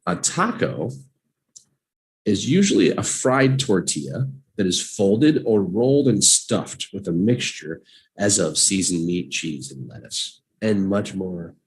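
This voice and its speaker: A man leads a live online vocabulary lesson at an unhurried pace. His fairly low voice swings up and down with animation as he drills each word and has listeners repeat it. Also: slight background noise. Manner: slow and animated, drills words with repeat-after-me prompts. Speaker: English teacher.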